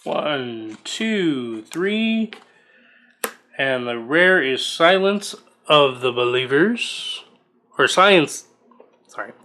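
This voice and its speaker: Guy opening card packs on camera, slow and chatty, reads the card text out loud, voice a bit on the high side. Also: lively intonation. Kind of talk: casual unboxing commentary.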